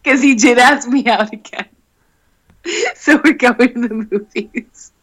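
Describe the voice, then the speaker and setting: A young woman in casual chat, telling an animated story, laughing and swearing freely. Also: on the high side, a little slow, breathy edge, low-quality recording.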